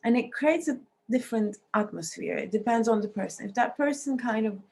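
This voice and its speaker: Woman lecturer with a scratchy, mellow voice. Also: on the high side, expressive, fairly quick, gravelly. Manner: explanatory, with frequent restarts and non-native phrasing. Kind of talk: recorded university lecture.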